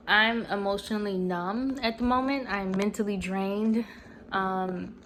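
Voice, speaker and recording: A young woman in her twenties speaks to her camera at home, her voice at an ordinary middle pitch. She talks in an earnest, emotional and rambling way, filling her thoughts with "you know". A faint hiss of noise sits under the recording. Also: a bit bright, low-quality recording. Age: 20s. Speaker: vlogger. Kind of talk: casual personal vlog. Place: at home, TV on mute.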